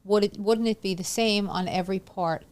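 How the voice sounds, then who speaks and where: A woman's voice: medium pitch, moderate pace, darkish tone. A woman co-hosting a podcast who asks practical questions and draws comparisons to skincare. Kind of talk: casual chat.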